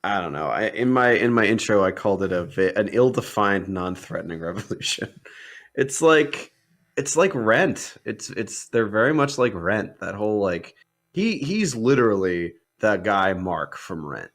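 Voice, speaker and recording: A man in a loose, casual film debate who keeps restarting his sentences and leaning on fillers. His voice sits a little low, and his delivery is animated and sarcastic. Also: normal speed. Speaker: podcast co-host.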